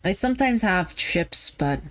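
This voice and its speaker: A woman's voice: on the low side, animated, a little slow, soft background music. A woman VTuber streaming casually while a little tipsy, rambling off topic, swearing and laughing. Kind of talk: casual livestream chat.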